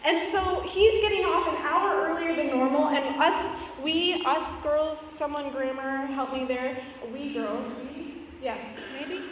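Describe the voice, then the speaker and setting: A woman's voice: high voice, slow, hardly any pauses, a little hiss or hum. A woman in her thirties preaching a sermon as a pastor, telling a family story with playful asides. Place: church sanctuary. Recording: echoey hall from far off.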